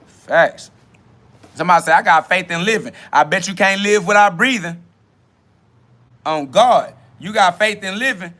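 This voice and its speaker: A man hosting a self-talk podcast, ranting loudly and boastfully in profane slang and mockingly imitating other people's questions. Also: sits high, moderate pace, long pauses. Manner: loud, boastful, swearing slang rant with bursts of laughter. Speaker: podcast host.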